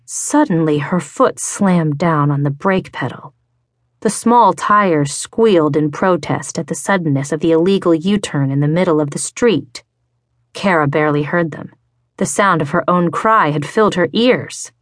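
A woman narrating a romance audiobook in a measured, even way, read into a close studio mic in a recording booth. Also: low-pitched, no room sound. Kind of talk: scripted narration.

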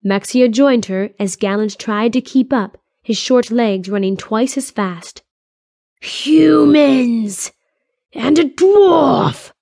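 A woman reading a fantasy audiobook in a steady, even storytelling voice on a close studio mic. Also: medium pitch, measured pace, hardly any pauses, no echo. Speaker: audiobook narrator. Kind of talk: scripted fantasy narration.

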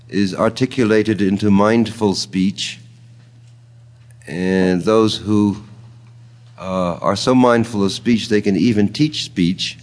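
A man's voice: fairly low pitch, darkish tone. A man giving an informal lecture on poetry, thoughtful and digressive, sprinkling in uh fillers and tapping out rhythms with ta-ta syllables. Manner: frequent uh fillers, chuckles at own remarks. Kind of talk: informal spoken lecture on poetics.

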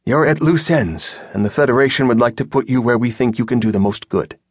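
A calm, commanding senior admiral, voiced by a male audiobook reader who sounds apologetic yet never leaves room to argue. The voice sits higher than the reader's own low register. It is recorded close and dry, with no room sound. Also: husky, dry recording, natural voice. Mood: measured. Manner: measured, apologetic yet firm.

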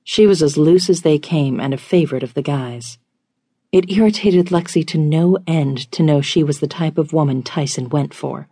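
Low-voiced woman narrating romance. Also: normal speed, warm tone, husky, dry recording. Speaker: audiobook narrator.

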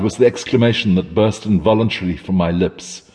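A man narrating a classic horror story in a measured, dramatic storytelling manner. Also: lowish voice, darkish tone, slightly rough, big-room sound. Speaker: audiobook narrator.

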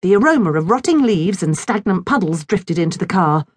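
A woman narrating a children's audiobook in an expressive storytelling manner. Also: fairly low pitch, fairly quick, dry recording. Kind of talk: scripted narration of a children's book.

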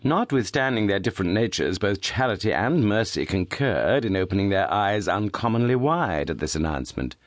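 Male audiobook narrator, lowish voice, lively expressive reading, dry studio sound. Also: moderate pace, hardly any pauses, no room sound. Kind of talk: scripted narration of a classic novel.

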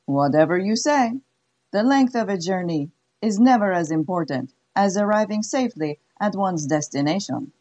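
A woman's voice: mid-range voice, animated, normal speed, darkish tone, close to an everyday voice. A woman voicing a haughty middle-aged French-Canadian brothel madam with a put-on French accent, cool and commanding. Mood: cold.

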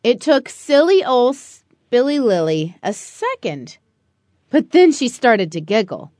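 A woman narrating a rhyming children's picture book in a slow, expressive storytelling manner. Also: fairly high pitch, no room sound, studio quality. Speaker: audiobook narrator.

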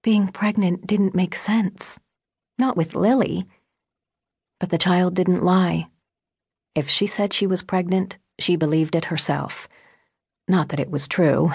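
A woman narrates an audiobook in a measured, intimate way. Her voice is low and husky, and she speaks at an unhurried pace. The close studio mic gives a dry sound. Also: darkish tone, no room sound. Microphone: close studio microphone.

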